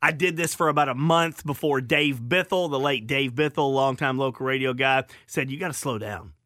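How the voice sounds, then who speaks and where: A man hosting a sports radio show, chatting in a relaxed, easygoing way in a studio. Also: mid-range voice, moderate pace, dry recording. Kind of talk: casual radio chat. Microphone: studio microphone.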